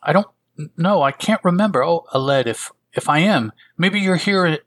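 A man's voice: on the high side, lively intonation, fairly bright tone, voice pushed up. Man voicing a frightened young woman. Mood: anxious. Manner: halting, stammering delivery. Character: troubled young woman, fearful and pleading.

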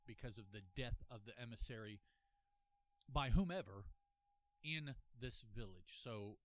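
A man's voice: medium pitch, lively intonation, measured pace, dry recording. A man hosting a casual solo comic review, thinking aloud with many restarts and an earnest, apologetic manner. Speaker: podcast host reviewing a comic.

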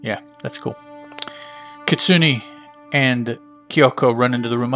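A man's voice: medium pitch, measured pace, pushed and bright, faint music behind. A man casually reading a comic book aloud, adding chatty asides and fillers.

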